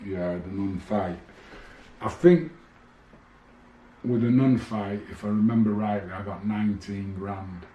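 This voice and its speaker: A man's voice: low-pitched, mellow, slight background noise. A man, a former boxer bluntly telling stories from his career in a rambling, swearing way. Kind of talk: casual monologue to camera. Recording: echoey room.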